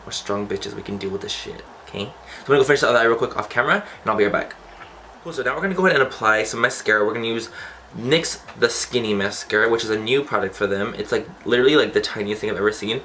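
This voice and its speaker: Bright-voiced campy young man. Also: lowish voice, very fast, slight background noise. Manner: chatty, campy, swears playfully. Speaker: beauty vlogger. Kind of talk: casual makeup tutorial.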